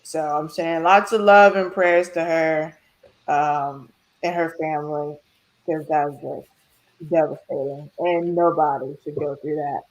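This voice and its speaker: A woman's voice: low voice, steady tone, measured pace. A woman co-hosting a casual sports podcast, teasing and outspoken. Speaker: podcast co-host.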